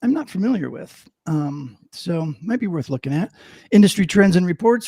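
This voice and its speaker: A middle-aged man co-hosting a live stream, talking in a loose, rambling way full of ums and restarts, sometimes putting on a playful news-anchor voice. His voice sits a little high but sounds mellow and dark. The sound is dry and close, with no room around it. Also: lively intonation, normal speed, husky, dry recording. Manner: rambling, many fillers and restarts; mock news-anchor delivery for headlines. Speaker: co-host of a live show. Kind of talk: casual live-stream chat.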